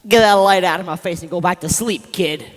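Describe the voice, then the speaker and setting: A man's voice: high voice, brisk, lightly acted. A teenage boy acting in a school play as a bossy, tough middle-aged uncle with a street drawl. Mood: gruff. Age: teens. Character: tough, cocky middle-aged uncle, a small-time hood. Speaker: student actor. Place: school auditorium stage. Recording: echoey hall from a room mic.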